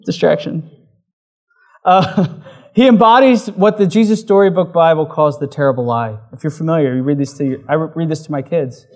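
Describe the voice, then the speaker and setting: A man preaching a sermon in a relaxed, conversational way, with frequent fillers like "like". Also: on the high side, a little fast. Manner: conversational, uses many fillers. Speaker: pastor.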